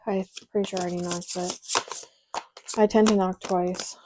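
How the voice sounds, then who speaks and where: A woman's voice: on the low side, little pitch movement, moderate pace, long pauses, very noisy. A young woman doing a casual, chatty tarot reading, candid and a little exasperated, with frequent ums and laughs. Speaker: tarot reader.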